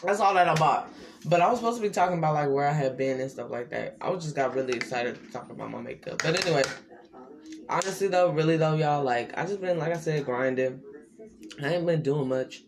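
A man's voice: expressive, fast, vocal fry, background noise. Rambling young man hosting a podcast. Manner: rambling, loose and slangy, with sudden pitch jumps. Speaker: podcast host. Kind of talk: casual solo podcast chat.

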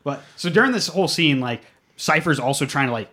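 A man's voice: fairly high pitch, animated, a little fast, bright, forceful tone. A man co-hosting a podcast, casually recapping a movie scene by scene and filling his talk with "like". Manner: rambling, fills with "like". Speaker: podcast co-host.

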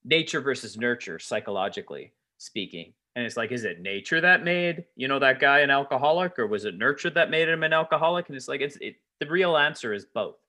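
A man's voice: mid-range voice, animated, brisk, hardly any pauses, bright, forceful tone. A man who used to be a teacher, musing in a rambling casual conversation full of filler words. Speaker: podcast co-host, former teacher.

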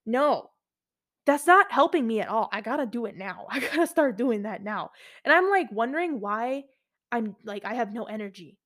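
A young woman in her early twenties hosts a solo podcast, her voice sitting a little higher than most. She talks in a candid, chatty way, full of fillers and restarts. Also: normal speed. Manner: candid, chatty, animated storytelling with many fillers. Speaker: podcast host.

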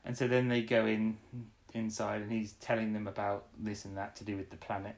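A woman's voice: extremely low pitch, level tone, fairly quick, a little mellow. A woman co-hosting a podcast, casually recapping an episode, rambling and laughing often. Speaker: podcast co-host.

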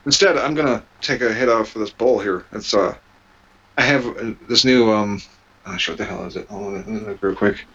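A man's voice: lowish voice, a little fast, fairly bright tone, slightly rough, dull audio. A man co-hosting a podcast, chatting casually, swearing freely and laughing often. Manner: laughs often, loose and profane. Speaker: podcast co-host. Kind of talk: casual chat.

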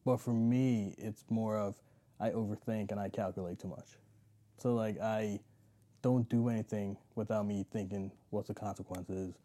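A man's voice: on the low side, fairly even intonation, normal speed, dark tone. A man in casual chat, thinking aloud and laughing often.

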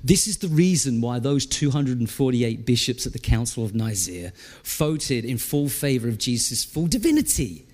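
A male pastor preaching a sermon in a conversational, animated way, asking the congregation questions. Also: medium pitch, normal speed. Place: church.

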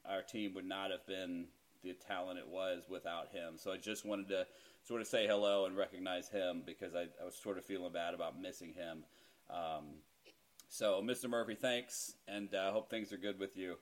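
A man's voice: sits low, steady tone, normal speed. A middle-aged man hosting a casual podcast, chatty and self-deprecating, laughing easily as he talks. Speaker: podcast host.

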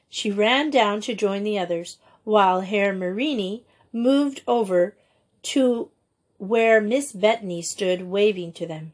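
A woman narrating a children's school story in an even, gentle reading voice. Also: medium pitch, slow. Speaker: audiobook reader.

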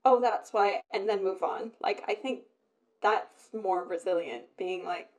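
A woman's voice: mid-range voice, unhurried, a little mellow. A woman in casual conversation, talking at length and laughing often. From Britain. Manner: chatty, laughs often, rambling. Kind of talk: casual chat.

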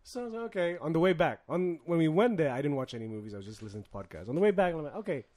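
A man's voice: on the high side, sing-song, very fast, a little mellow. A man telling stories in casual chat, swearing a lot and laughing through his lines.

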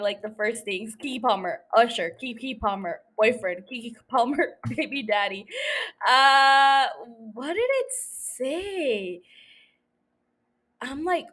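Slow, rambling, swearing young woman podcaster. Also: fairly high pitch, a bit bright. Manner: rambling, swearing, self-mocking with frequent laughs. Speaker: podcast host. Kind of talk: casual solo podcast chat.

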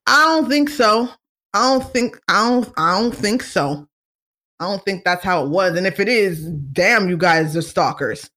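A woman's voice: medium pitch, unhurried. Chatty opinionated woman hosting a show. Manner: chatty, animated and opinionated, many fillers and asides. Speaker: podcast host. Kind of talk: casual chat.

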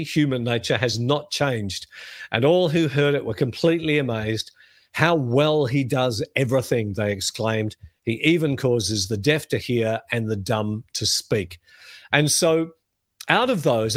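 A middle-aged man teaching the Bible on a podcast, telling the stories in a lively way and reading scripture aloud. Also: mid-range voice, no room sound.

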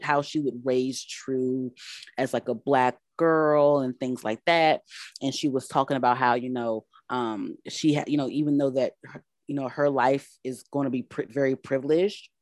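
A woman's voice: very deep voice, steady tone, a little slow, no room sound. A woman co-hosting a casual chat, talking animatedly with many fillers and restarts.

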